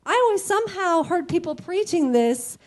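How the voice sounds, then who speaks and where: A woman's voice: extremely high pitch, expressive. A woman giving an earnest, emotional personal faith testimony, near tears. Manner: emotional and earnest, quick to laugh. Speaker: church member giving a testimony.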